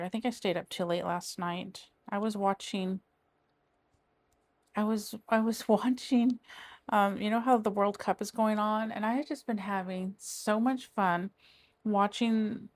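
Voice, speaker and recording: A middle-aged woman, a crafting vlogger, chats casually while diamond painting, rambling, trailing off, and starting again. Her medium-pitched voice keeps a steady tone at a measured pace.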